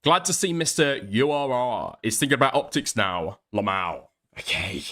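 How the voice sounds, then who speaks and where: Blunt, animated male streamer. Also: medium pitch, normal speed. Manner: blunt, exasperated, profane. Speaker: commentary streamer. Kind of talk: reading and reacting to posts.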